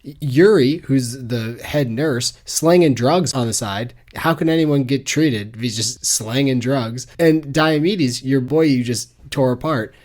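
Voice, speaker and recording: A man's voice: mid-range voice, a little slow, hardly any pauses, a little mellow. A man co-hosting a casual book-club podcast, talking in a wry, easygoing way. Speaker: podcast co-host.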